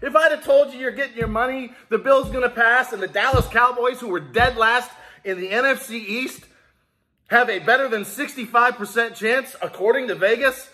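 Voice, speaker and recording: An American man hosts his own small business vlog and speaks straight to his viewers. His voice sits high and sounds bright and ringing. He rallies the audience with hype and lets his feelings show. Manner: hyped, rallying, talks straight to viewers. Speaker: small business video host. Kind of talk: casual emotional vlog.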